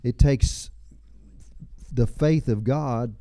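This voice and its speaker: A pastor in his seventies preaches a sermon in a warm, mid-range voice, speaking very slowly. His delivery is folksy storytelling, with chuckles and personal asides.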